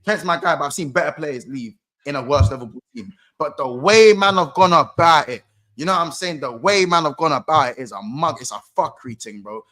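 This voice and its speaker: A man's voice: fairly high pitch, animated, brisk, bright, forceful tone. A man co-hosting a casual football chat, emphatic and repeating his points. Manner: emphatic, repetitive, slangy. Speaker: podcast co-host. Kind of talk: casual banter.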